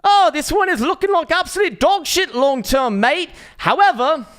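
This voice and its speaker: A man's voice: fairly low pitch, level tone, brisk, lightly acted. A man putting on a cheery Irish-accented voice while reading charts, sing-song and upbeat. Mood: chipper.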